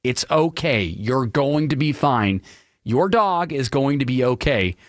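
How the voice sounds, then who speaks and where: A man hosting a radio talk show alone, ranting in an opinionated, animated way about everyday gripes. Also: measured pace, no echo, studio quality. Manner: animated, ranting, mocks people in high silly voices. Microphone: studio microphone.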